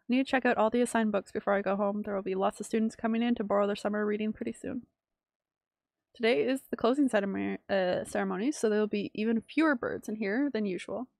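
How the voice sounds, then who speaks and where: Gravelly-voiced woman streamer reading aloud. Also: fairly high pitch, dry recording, clean studio sound. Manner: reads game text aloud, breaks into excited exclamations. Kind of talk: reading a visual novel aloud with live reactions.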